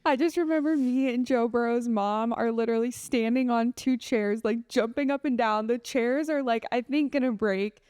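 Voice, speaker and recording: A young woman from Colorado co-hosting a podcast in casual chat, animated and laughing often. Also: fairly high pitch, normal speed, few pauses, clear, resonant tone, no room sound, studio quality. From Colorado, USA. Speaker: podcast co-host.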